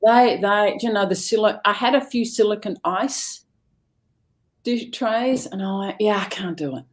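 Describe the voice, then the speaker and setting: A woman's voice: mid-range voice, measured pace. A middle-aged woman, a guest on a live talk show, chatting casually and acting out family conversations as she tells them. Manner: animated storyteller, acts out family dialogue. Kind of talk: casual chat.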